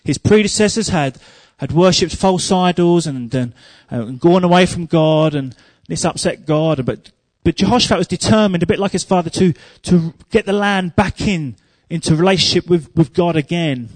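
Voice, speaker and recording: A man preaching a sermon, telling humorous stories and growing loud and emphatic. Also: sits high, normal speed, few pauses, no room sound.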